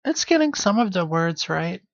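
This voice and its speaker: A man's voice: sits high, big pitch swings, moderate pace, gravelly, dry recording, highs cut off. A man hosting his own live stream in a casual, rambling way, trailing off into half-finished sentences. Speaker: livestreamer.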